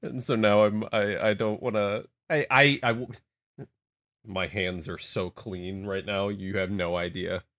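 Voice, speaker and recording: A young adult man chatting casually on a live stream, rambling and reacting in an animated, jokey way to his chat. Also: lowish voice, a little slow.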